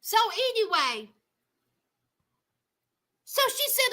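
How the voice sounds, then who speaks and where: A woman hosting a casual reality TV recap, animated and exclaiming, talking straight to her viewers. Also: very high voice, slow.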